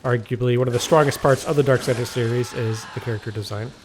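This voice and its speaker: A man's voice: medium pitch, fairly even intonation, fast, noisy background. A man giving casual walkthrough commentary on a video game, rambling and correcting himself with wry asides, recorded at home on a desk microphone.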